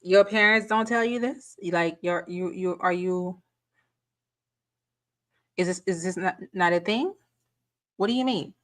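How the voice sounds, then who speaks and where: A woman's voice: on the low side, unhurried, pauses often, a bit bright. A woman channel host giving reaction commentary, firing off incredulous rhetorical questions and repeating words as she gathers her point.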